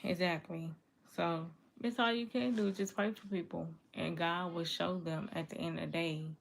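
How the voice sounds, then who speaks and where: Low gravelly woman, earnest and repetitive. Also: steady tone, normal speed, a little hiss or hum. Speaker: livestream vlogger reading viewer comments. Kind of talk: casual confessional talk to viewers.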